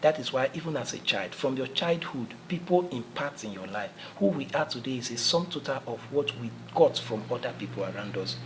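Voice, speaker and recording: A man's voice: mid-range voice, lively intonation, fairly quick, few pauses, poor audio. An earnest male motivational speaker with a mid-range voice talks in a repetitive, preacherly way, often circling back over his own phrases. A faint hiss sits under the recording. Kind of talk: motivational talk.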